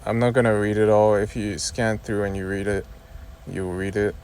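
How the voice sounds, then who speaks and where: A man's voice: on the low side, little pitch movement, normal speed, darkish tone, clear, resonant tone. A young man ranting casually to his viewers, exasperated and rambling, repeating himself and swearing. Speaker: YouTuber. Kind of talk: casual rant to camera.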